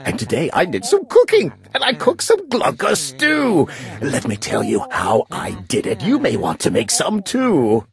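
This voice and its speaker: A woman's voice: low voice, huge pitch swings, measured pace, creaky, exaggerated voice. A woman voicing a greenish, smug male glunk creature who sweet-talks and jabbers in a storybook reading. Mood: gabbing.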